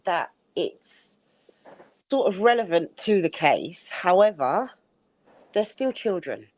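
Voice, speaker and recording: A woman hosting a casual chat, speaking in a measured, firm way. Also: fairly low pitch, sing-song, a little mellow, no room sound. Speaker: host.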